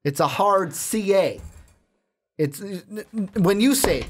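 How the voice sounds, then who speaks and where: Young male co-host, Chicago accent, upbeat sports-chat energy, slightly higher voice. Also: a little hiss or hum. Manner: animated, quick asides and laughs. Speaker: podcast co-host.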